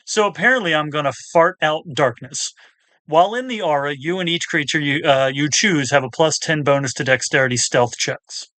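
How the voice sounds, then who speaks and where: A man chatting as a player in a tabletop game, rambling and swearing as he fumbles through a spell description. His voice is fairly high and bright. The sound is close and dry. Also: normal speed, no echo. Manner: rambling, swears, self-correcting. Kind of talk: casual chat at the game table.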